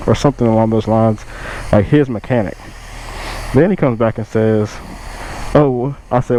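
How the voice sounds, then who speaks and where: A young man, casually telling a storytime and quoting others in a raised, lively voice. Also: fairly low pitch, moderate pace, a little hiss or hum, low-quality recording. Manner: animated retelling, quotes others in raised voice. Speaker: motovlogger.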